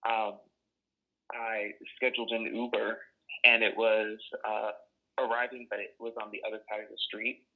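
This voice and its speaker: A young man from Boston tells his stories casually, blunt and profane, with plenty of fillers. His voice sits low with a gravelly edge. It comes through a thin, phone-like line. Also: little pitch movement, moderate pace. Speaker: oral history interviewee. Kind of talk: casual storytelling.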